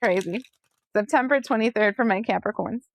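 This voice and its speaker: A woman giving a casual tarot reading, sassy and chatty, acting out other people's voices with big jumps in pitch. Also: fairly quick, no echo. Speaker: tarot reader.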